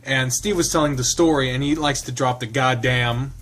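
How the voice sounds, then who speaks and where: A man's voice: mid-range voice, normal speed, fairly bright tone. A man reading a visual novel aloud, with casual, laughing commentary and lots of fillers. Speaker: game streamer.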